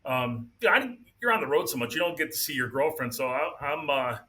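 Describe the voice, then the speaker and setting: A middle-aged man on a podcast, telling stories in a relaxed, chatty way. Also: medium pitch, brisk. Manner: relaxed, chatty, laughs along. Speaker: podcast co-host or guest. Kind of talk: casual storytelling.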